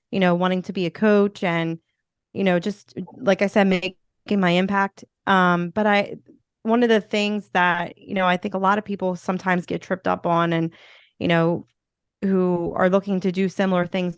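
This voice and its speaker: Smooth-voiced woman with a Philly accent. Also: on the low side, no echo, clean studio sound. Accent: Philadelphia. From Philadelphia, USA. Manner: upbeat, rambling with many "you know" fillers. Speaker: podcast guest, motivational speaker. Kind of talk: casual interview chat.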